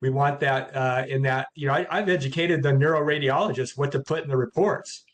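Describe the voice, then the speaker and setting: A man's voice: mid-range voice, brisk. A man, a chiropractor guest in a casual interview, who talks hesitantly with many fillers but gets blunt.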